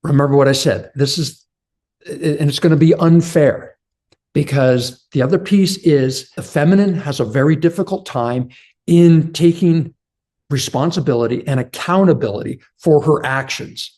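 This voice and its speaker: A man's voice: on the high side, moderate pace, darkish tone. A man giving a motivational relationship talk to other men, earnest and direct, calling his listeners brothers. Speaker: men's relationship coach.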